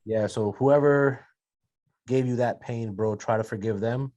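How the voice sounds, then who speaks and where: A man's voice: mid-range voice, a little slow, dark tone. A man co-hosting a podcast in casual chat, playful and swearing freely. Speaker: podcast co-host.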